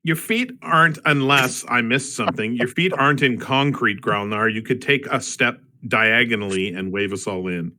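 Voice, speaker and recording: A man in a tabletop game session, ribbing the group with quick jokes. His voice is bright and forceful at a middle pitch. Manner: teasing, wisecracking. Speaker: player. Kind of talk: casual banter in a tabletop game.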